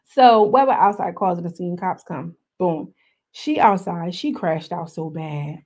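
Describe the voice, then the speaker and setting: A woman giving casual, slangy commentary as she recaps a reality show episode, full of animated asides. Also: on the low side, measured pace.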